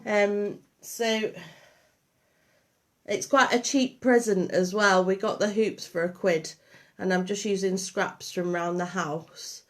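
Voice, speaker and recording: Brief: woman, Liverpool-Lancashire accent, unhurried craft tutor, rambles and restarts, mid-height voice. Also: medium pitch, steady tone. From Liverpool and Lancashire, England. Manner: chatty, meandering, many ums and restarts. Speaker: craft workshop host. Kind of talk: live craft demonstration.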